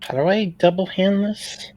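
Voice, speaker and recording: A man learning a game's controls over voice chat, asking quick puzzled questions. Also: sits high, a little mellow. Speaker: trainee player. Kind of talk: casual voice chat during a game.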